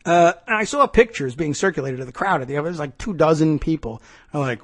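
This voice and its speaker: A man's voice: on the high side, lively intonation, fast talker. A man hosting a political commentary podcast, talking in a sarcastic, ranting way. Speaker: podcast host.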